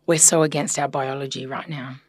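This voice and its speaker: A woman's voice: rumbling low, steady tone, a little fast, no room sound. A woman therapist talking earnestly and reflectively in a casual podcast conversation, chatty with filler words. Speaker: systemic therapist guest.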